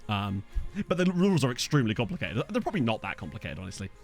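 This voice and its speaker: A man's voice: on the low side, very animated, very fast, creaky, faint music behind. Tired rambling male game streamer. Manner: rambling, self-deprecating, chatty with frequent fillers. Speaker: gaming streamer. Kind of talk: casual let's-play chat reading viewer comments.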